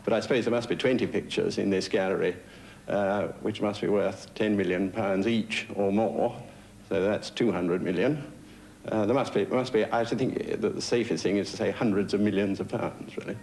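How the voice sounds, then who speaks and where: A man's voice: lowish voice, steady tone, moderate pace, creaky, darkish tone, a little hiss or hum. A man answering an interview question hesitantly, with many fillers and restarts. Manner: hesitant, full of uhs and restarts.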